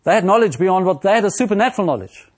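Male preacher, slightly high voice, deliberate expository sermon delivery, pauses often. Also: animated. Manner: slow and deliberate, with frequent pauses and fillers.

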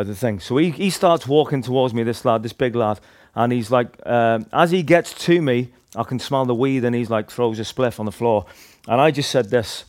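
A man with a Northern Irish accent tells a personal faith story to a group in a chatty, rambling way, full of restarts and "like". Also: medium pitch. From Northern Ireland. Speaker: speaker sharing a testimony.

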